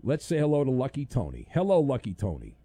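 A man's voice: medium pitch, huge pitch swings, quick pace, no echo. A man hosting a sports talk show, loose and jokey, reading listener messages and taking calls. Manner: loose, jokey, bursts into loud mock outrage.

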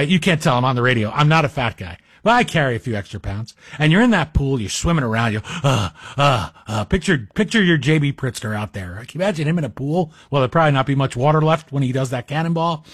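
A man's voice: medium pitch, expressive, quick pace, fairly bright tone, breathy edge, dry recording. A man guest-hosting a talk radio show, speaking in a rambling, self-deprecating, conversational monologue into a studio microphone.

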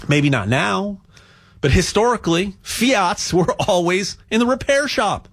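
Rambling, excitable man pitching gold. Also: measured pace, slightly rough. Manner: rambling, repeats words, rants. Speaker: gold promoter. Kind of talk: casual sales monologue.

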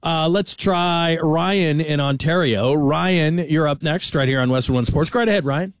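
A middle-aged man hosting late-night sports talk radio, lively and chatty as he moves from topic to topic. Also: a little high, dry recording, clean studio sound. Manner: lively, chatty, fast-moving delivery. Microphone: studio microphone.

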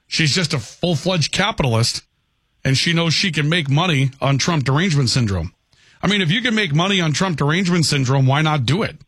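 A man hosting a talk radio show, chatting in a relaxed, wry way. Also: mid-range voice, no room sound. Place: radio studio.

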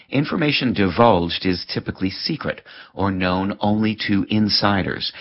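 Deep husky man reading a word feature. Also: muffled recording. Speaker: word of the day host. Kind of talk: scripted educational reading.

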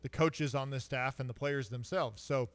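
A man's voice: mid-range voice, moderate pace, dry recording, in a large hall. A man co-hosting a sports radio show, talking in a laid-back, rambling way. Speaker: radio co-host. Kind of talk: casual sports radio banter.

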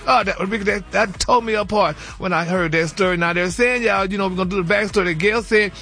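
High bright-voiced man dishing celebrity gossip. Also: a little fast, soft background music. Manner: chatty, emphatic, peppers talk with "y'all" and "honey". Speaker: celebrity news regular on a morning radio show. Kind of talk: casual gossip commentary.

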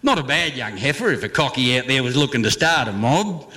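A man's voice: medium pitch, very animated, a little fast, heavy background noise. A man performing a comic slang verse, with a theatrical, swooping delivery and chuckles.

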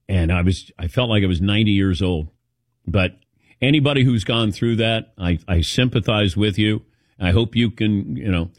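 A man's voice: fairly low pitch, no room sound, clean studio sound. A man hosting a casual chat show, telling rambling personal stories. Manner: rambling anecdotal storytelling. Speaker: host.

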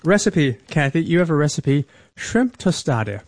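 A man co-hosting a radio show, joking in relaxed on-air chat. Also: on the high side, moderate pace, no echo. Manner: joking, laid-back. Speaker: radio co-host.

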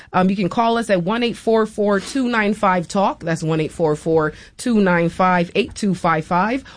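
A woman hosting a public radio talk show from a studio, measured and slowing down for lists and phone numbers. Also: medium pitch, no echo. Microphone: studio microphone.

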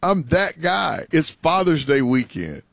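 A man's voice: a little high, very animated, unhurried, gravelly, fairly bright tone, dry recording. A man co-hosting a radio show, needling his partner and laughing often. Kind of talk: bantering radio talk.

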